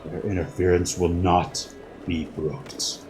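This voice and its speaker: A man voicing a cold, commanding male devil who speaks in slow, menacing pronouncements in a tabletop game. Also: low-pitched, level tone, over music, voice pushed down.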